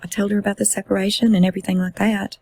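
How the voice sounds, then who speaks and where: A woman gives voice to a young husband confessing in short, flat admissions. Her husky tone stays mid-pitch and mostly low-key. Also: rapid-fire, poor audio.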